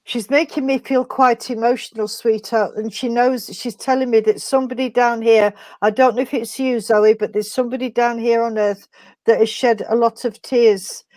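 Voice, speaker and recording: Woman, spiritualist medium, halting and tender, fairly high voice, dry close sound. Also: fairly even intonation, mellow, no room sound. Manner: halting, tender, full of endearments. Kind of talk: emotional mediumship reading.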